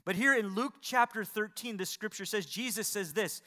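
A middle-aged man preaches from the pulpit in a high-pitched voice. His tone is bright and ringing, and he drives his points home with rhetorical questions. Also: a little fast, few pauses. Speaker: pastor. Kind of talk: sermon.

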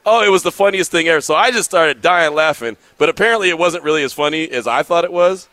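Fast, bright-voiced male radio host. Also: on the high side, dry recording. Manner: animated storytelling, drawling slang. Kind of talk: casual sports radio talk. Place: broadcasting live from a sports bar.

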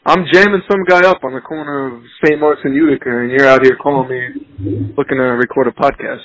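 A man's voice: medium pitch, steady tone, brisk, a bit bright. A man co-hosting a podcast, trading brash jokes in casual banter on a phone call. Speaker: podcast co-host.

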